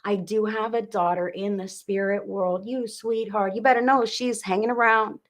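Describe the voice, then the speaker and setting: A woman's voice: mid-range voice, gravelly. A woman doing a live-streamed psychic reading. She talks in a chatty, affectionate way, full of endearments, and checks in with "okay?" after each point. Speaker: psychic reader.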